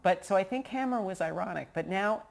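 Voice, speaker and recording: A woman's voice: mid-range voice, lively intonation, gravelly. A woman hosting a casual podcast interview, effusive and chatty, often speaking straight to her listeners. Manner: effusive, fast, addresses listeners as "you guys". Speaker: podcast host, producer.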